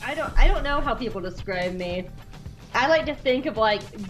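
A woman's voice: fairly high pitch, expressive, moderate pace, music in the background. A woman co-hosting a podcast, chatting in a giggly, playful way. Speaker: podcast co-host. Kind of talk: casual podcast chat.

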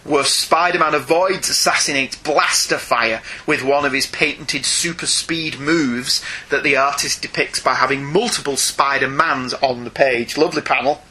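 A British man in his forties co-hosting a casual comics discussion, animated and joking. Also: medium pitch, moderate pace, few pauses. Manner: animated, breaks into plummy posh-British voices for jokes. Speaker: podcast co-host.

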